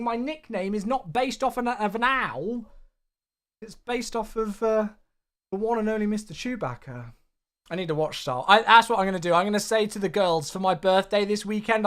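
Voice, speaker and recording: On a casual flight-sim live stream, a man chats with his viewers in an excitable, effusive way, even though he sounds tired. His voice is high-pitched.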